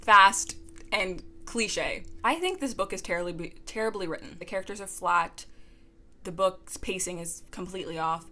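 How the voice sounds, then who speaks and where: A woman's voice: mid-range voice, moderate pace, sharp tone, slight background noise. A young woman ranting in a book review vlog, sarcastic and exasperated, full of "like".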